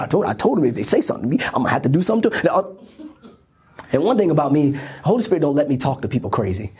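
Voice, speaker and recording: A man pastor delivers a lively sermon in a church sanctuary. His voice is deeply husky and rough-edged. He acts out inner conversations, swinging into hushed whispers and bursts of laughter. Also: rapid-fire. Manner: animated preaching that acts out inner dialogue, with laughs and sudden whispers.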